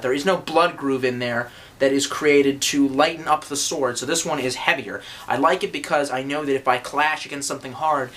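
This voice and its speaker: A man's voice: fairly high pitch, bright, forceful tone. A young man rambling casually through a sword review from his room, swearing freely and joking at his own expense. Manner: profane, joking, self-deprecating, rambling. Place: room at home, indoors.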